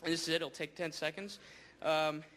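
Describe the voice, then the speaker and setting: A man doing a stand-up comedy set, telling a rambling story that climbs into excited shouting. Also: fairly high pitch, a little fast. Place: comedy stage. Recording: live crowd and noise behind. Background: audience laughter.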